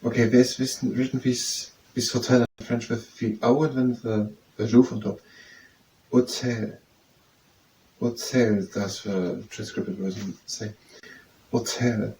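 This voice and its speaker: A man, tutoring by slowly repeating French phrases and testing how they sound, then leading simple wrist exercises. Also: lowish voice, steady tone, darkish tone. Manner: slow, repetitive, trying out pronunciations. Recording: distant mic with faint background noise.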